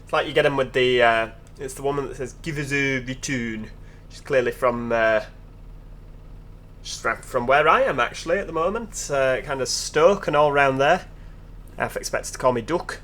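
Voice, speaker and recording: A man's voice: medium pitch, moderate pace, a bit bright. A man giving casual, chatty commentary over gameplay, with joking asides to his viewers. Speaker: video game commentator.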